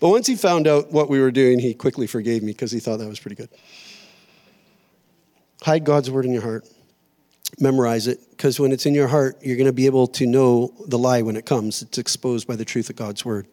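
A middle-aged pastor preaching a sermon in a church auditorium, conversational and storytelling, with self-deprecating humor. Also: male voice, medium pitch, brisk, dark tone.

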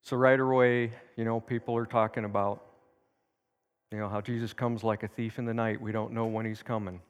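A man's voice: on the low side, fairly quick, long reverb tail. A man teaching at a church service, telling a personal story in a folksy way and acting out the quotes. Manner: anecdotal, folksy, with lively acted quotes. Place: church sanctuary.

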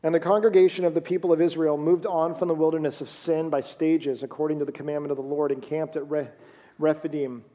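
A man's voice: fairly high pitch, little pitch movement, fast, dark tone. A man preaching a sermon in a conversational way, reading scripture aloud as he goes. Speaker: pastor.

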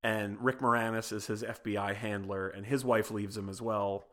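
A man's voice: on the low side, steady tone, moderate pace, a bit bright. A man on a film podcast in casual chat, rambling through a plot recap with lots of fillers and amused laughs. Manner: rambling plot retelling full of "like" and "you know"; amused, laughs between sentences. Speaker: podcast panelist.

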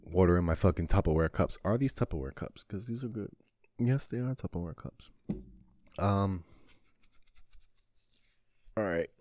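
A man hosting a podcast, talking in a casual, crude, comedic monologue that rambles, swears a lot and breaks into sudden loud bursts. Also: low voice, normal speed, pauses often, no echo. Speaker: podcast host.

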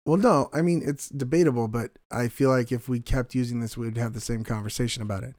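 A man's voice: medium pitch, fairly even intonation, fast talker, darkish tone, no echo. Laid-back man, dry close sound. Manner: laid-back, teasing, laughs often. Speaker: podcast co-host. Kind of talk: casual chat.

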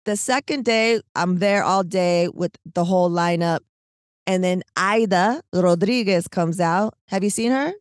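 A woman's voice: fairly low pitch, a little slow, no echo, studio quality. Slangy woman telling a story. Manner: animated, slangy, lots of "like" and "right?". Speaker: podcast co-host. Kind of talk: casual storytelling chat.

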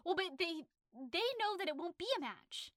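A woman talking casually about a book she has read, retelling its story in an animated way with many fillers and restarts. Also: very high voice, normal speed, dry recording, studio quality. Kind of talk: casual literary discussion.

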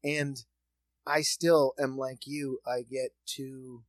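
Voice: medium pitch, little pitch movement, takes it slowly, no room sound. A podcast co-host telling a casual rambling story, swearing freely. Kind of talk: casual chat.

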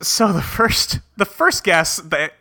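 Male podcast co-host, very bright tone, casual chatty plot recap. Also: high voice, sing-song, slow, gravelly. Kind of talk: casual chat recapping a cartoon.

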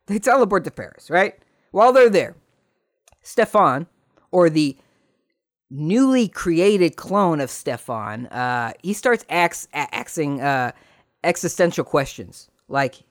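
Rambling, animated male podcast host. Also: a little high, slow, no echo, clean studio sound. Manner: rambling, animated retelling with voices for quotes. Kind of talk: casual solo podcast recap.

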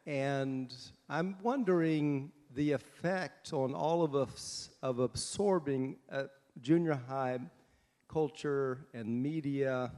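Slow, mellow man asking in a hall. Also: medium pitch. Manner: slow, deliberate, searching for words. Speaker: audience member asking a question. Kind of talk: Q&A question. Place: conference hall. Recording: reverberant hall.

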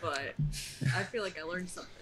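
A woman chatting in a casual group podcast, giggly and animated. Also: fairly low pitch, brisk, crowd noise, poor audio.

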